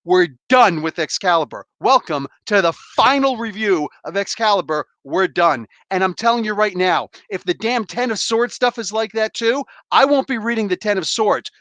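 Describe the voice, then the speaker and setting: A man's voice: high-pitched, animated, normal speed, few pauses, pushed and bright, no room sound. A man hosting a live comic book review, ranting in an exasperated, blunt way, swearing casually and calling out viewers in chat. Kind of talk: heated live review rant.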